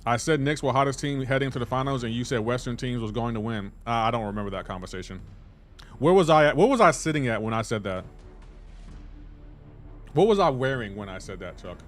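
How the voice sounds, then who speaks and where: Male streamer, lively pitch, middle-range voice, casual banter, mock-indignant. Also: brisk, soft background music. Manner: playfully indignant, teasing his chat. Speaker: game streamer. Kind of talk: casual live-stream chat.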